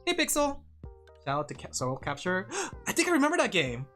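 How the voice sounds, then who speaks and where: A woman's voice: medium pitch, huge pitch swings, brisk, a bit bright, faint music behind. A woman streamer chatting casually while she draws, rambling and thinking aloud as she reads chat. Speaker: vtuber streamer.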